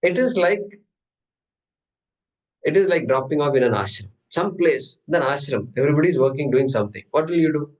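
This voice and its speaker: A man's voice: on the high side, lively intonation, brisk, poor audio. Man teaching a scripture class. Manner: humorous, conversational, asks and answers his own questions. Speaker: Gita teacher.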